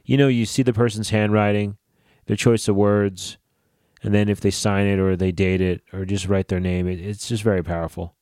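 A man hosting a casual solo podcast, swearing freely and ranting in a lively way. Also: on the low side, normal speed, no echo, studio quality. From New Jersey / New York area. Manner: profane, animated ranting. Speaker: podcast host.

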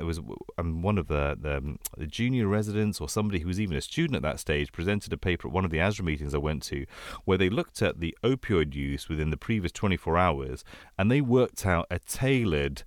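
A man co-hosting a casual podcast chat on clinical practice, speaking in animated bursts and rattling off lists. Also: low voice, no echo, clean studio sound. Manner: animated, quick lists, rising excitement. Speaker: anesthesiologist podcast co-host.

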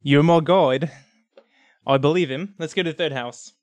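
A man playing a tabletop game, joking and bursting out loudly at times. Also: a little high, moderate pace, dry recording. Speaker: player. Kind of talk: casual tabletop play.

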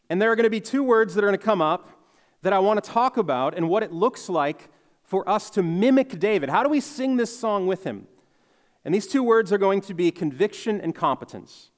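A man with a high, light voice preaches with earnest conviction, pressing down on the words he wants to land. His sermon rings out with a long reverb, as if in a big hall. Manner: earnest, emphatic on key words, reflective. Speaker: pastor.

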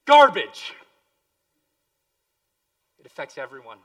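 Pastor guy preaching, bright forceful voice, mic kinda far off, goes quiet then loud. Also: high-pitched, sing-song, measured pace, pauses often. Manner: impassioned, swings from hushed to loud. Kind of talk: sermon.

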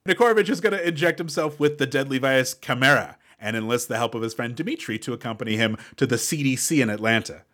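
A man co-hosting a casual comedy podcast, deadpan and mock-formal, sometimes putting on an announcer tone. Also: medium pitch, fast, few pauses. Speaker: podcast co-host.

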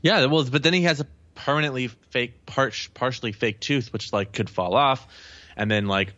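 A man's voice: mid-range voice, moderate pace, fairly bright tone, dull audio. A young man chatting casually about a film, rambling and laughing at his own jokes. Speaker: podcast co-host.

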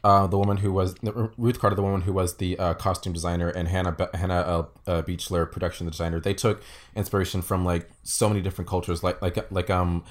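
A man's voice: deep voice, level tone, quick pace. A man chatting casually on a podcast, stumbling over repeated words and restarts, livening up when he quotes lines. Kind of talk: casual podcast film discussion.

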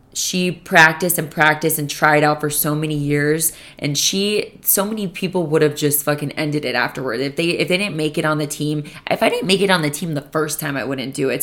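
A woman's voice: low voice, fairly bright tone. A young woman hosting her own podcast alone, rambling and swearing freely, with lots of "like" fillers, into a podcast microphone. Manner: rambling and profane, with many "like" fillers. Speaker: podcast host. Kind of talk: casual solo podcast monologue.

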